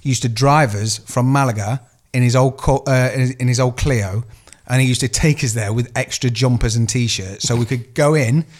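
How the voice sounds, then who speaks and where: A man's voice: medium pitch, normal speed, few pauses. Man rambling through a story. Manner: rambling anecdotal storytelling, swears freely. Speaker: podcast co-host. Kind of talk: casual chat.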